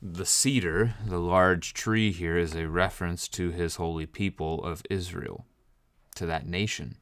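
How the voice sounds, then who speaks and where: Walking through scripture in a very deep, low voice, this preacher reads each verse slowly before explaining it plainly, emphasizing key phrases. His delivery is fairly even and a bit bright, and the recording is close and dry with no room echo.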